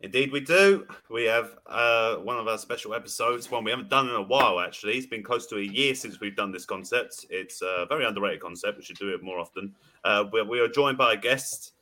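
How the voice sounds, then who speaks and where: A man's voice: lowish voice, a little fast, hardly any pauses, pushed and bright. A laid-back man co-hosting a casual podcast, rambling through the intro with plenty of fillers. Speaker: podcast co-host.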